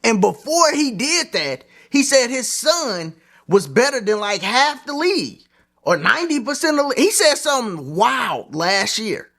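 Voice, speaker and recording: Man, high lively voice, sports vlog host, opinionated, slangy, casual. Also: moderate pace. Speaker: host of a sports commentary channel.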